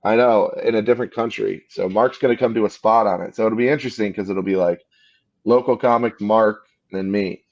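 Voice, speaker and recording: This American comedy podcast co-host speaks in a lowish, steady, somewhat mellow voice at a brisk pace. Just awake and hungover, he chats in a rambling, relaxed way, and the lo-fi recording sounds slightly dull.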